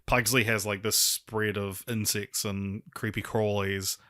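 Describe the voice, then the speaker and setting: A man's voice: fairly low pitch, level tone, unhurried, bright, forceful tone, no room sound, studio quality. A man co-hosting a film podcast, speaking hesitantly with frequent restarts. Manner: hesitant, restarts a lot, laughs easily. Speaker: podcast co-host. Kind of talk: casual film-review chat.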